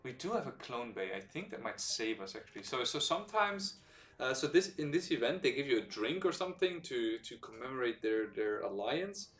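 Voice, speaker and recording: A man streaming a strategy game live, explaining its mechanics as he plays, relaxed and hesitant with many fillers. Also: mid-range voice, fairly quick. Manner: explains game mechanics while thinking aloud. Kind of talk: live gameplay commentary. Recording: roomy sound from a distant mic, faint background music.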